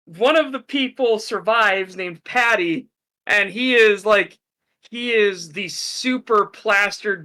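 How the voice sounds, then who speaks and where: Bright, high-voiced excited male host. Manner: excited, profane retelling. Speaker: streamer host. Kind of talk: casual podcast chat.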